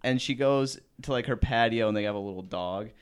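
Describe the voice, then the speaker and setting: A man's voice: medium pitch, fairly quick, clean tone. A man in casual podcast chat, telling a story with lots of laughs and acted-out quotes. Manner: animated storyteller, laughs often, acts out quotes.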